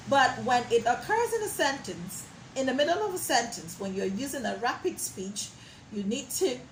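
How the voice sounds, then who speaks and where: A woman teaching a pronunciation lesson, modeling sounds slowly and praising the learner as she goes. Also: fairly high pitch, a bit bright, roomy sound, a little hiss or hum, low-quality recording. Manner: slow, drawn-out modeling of sounds with encouraging praise.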